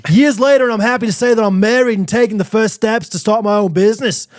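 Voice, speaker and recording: A man's voice: fairly high pitch, animated, brisk, a little mellow, voice pushed down. A man voicing a young male fan reading a heartfelt letter in an exaggerated put-on gritty London accent, laughing through it. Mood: earnest mock-read. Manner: over-the-top mock accent, laughing through it.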